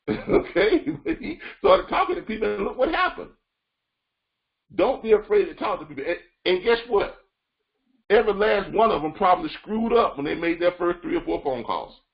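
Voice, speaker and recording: A man gives a coaching talk over a call, his fairly high voice leaning on repetition and lively retellings. The sound is muffled and lo-fi. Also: vocal fry. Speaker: freight broker trainer. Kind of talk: motivational training call.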